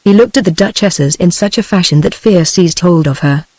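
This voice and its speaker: A synthetic British English woman reads an audiobook as narrator, with a smooth, machine-made evenness. The audio is completely dry, with no room around the voice. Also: fairly low pitch, a little fast, no echo, low-quality recording. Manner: even synthetic reading. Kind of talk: text-to-speech audiobook reading.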